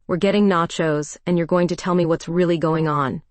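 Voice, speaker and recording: A bossy, teasing best friend in her late thirties, as a woman narrator puts her on. She talks in a low-pitched voice, blunt and pushy, in a storybook dialogue. The sound is dry and close. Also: fairly even intonation, fairly quick, no echo, natural voice.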